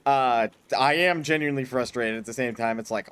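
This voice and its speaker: A man's voice: medium pitch, a little fast, few pauses, fairly bright tone, clear, resonant tone. A man streaming a hard game, chatting casually, swearing often and breaking into mock-grand speeches. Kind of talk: casual gameplay commentary.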